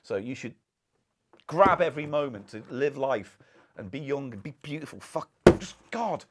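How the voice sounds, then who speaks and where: A man's voice: medium pitch, lively intonation, moderate pace, fairly bright tone. A man co-hosting a comedy podcast in a studio, rambling and swearing with mock exasperation. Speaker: podcast co-host. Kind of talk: casual comedy banter. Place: rented studio.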